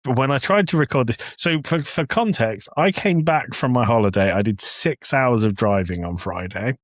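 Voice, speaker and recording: A man's voice: mid-range voice, expressive, normal speed, no echo. A young English man co-hosting a podcast, telling a story in a joking way and laughing often. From England. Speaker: podcast co-host. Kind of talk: casual chat. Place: home office.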